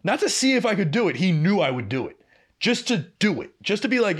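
A man's voice: fast, breathy edge. A young man, a podcast co-host, telling a workplace story in casual chat, swearing and acting out what people said. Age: young adult. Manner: animated, swearing, acting out quoted lines with big pitch jumps.

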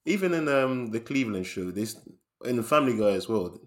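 A man's voice: mid-range voice, animated, fairly quick. A man co-hosting a casual film chat podcast, easygoing and chatty, often laughing. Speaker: podcast co-host.

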